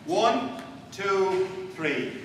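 A man's voice: sits high, animated, drawn-out words, a bit bright. A man giving a humorous conference talk, playfully rallying the audience in a large hall. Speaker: conference speaker. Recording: echoey hall from far off, noisy.

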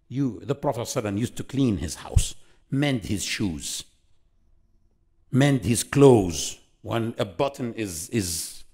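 A man teaching a religious lesson to an audience. He speaks in an animated way, fires off rhetorical questions and acts out the quotes he tells. His pitch leaps up and down. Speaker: Islamic lecturer.

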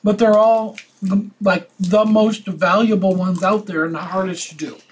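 A man's voice: high voice, fairly even intonation, normal speed, slight background noise. A man playing a board game in casual chat, teasing dryly and reading cards aloud while chewing popcorn.

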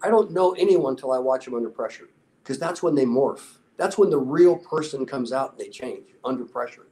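A man in his sixties, a guest in an interview, telling a story earnestly and with a motivational drive, often dropping to a softer, lower voice when he quotes people. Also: lively intonation, brisk, low-quality recording. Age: 60s. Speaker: interview guest, former special warfare instructor. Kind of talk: conversational storytelling.

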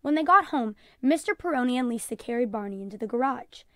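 Lady teacher reading a kids book aloud, clear, kinda high, dry close sound. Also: animated, quick pace, fairly bright tone, no echo. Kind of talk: children's book read-aloud.

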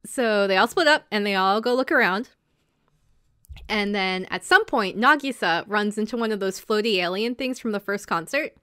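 A woman hosts a podcast in a loose, conversational way, walking through each episode. She talks at an everyday pitch and keeps things chatty, often breaking into quick imitations of the characters. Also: lively intonation, bright, forceful tone, clean tone. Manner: chatty, acts out characters' lines in quick asides. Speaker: podcast host. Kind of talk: casual chat recapping an anime.

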